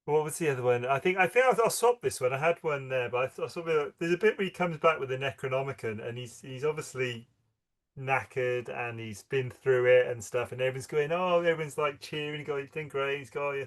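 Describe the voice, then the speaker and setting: A man's voice: medium pitch, brisk. A man, co-hosting a casual film podcast and laughing as he retells favourite scenes. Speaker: podcast co-host.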